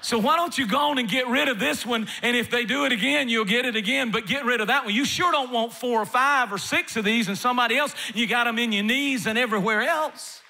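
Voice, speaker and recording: Pastor, male, high forceful voice, emphatic repetitive preaching, faint music behind. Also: brisk, gravelly, few pauses. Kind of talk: sermon. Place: church sanctuary.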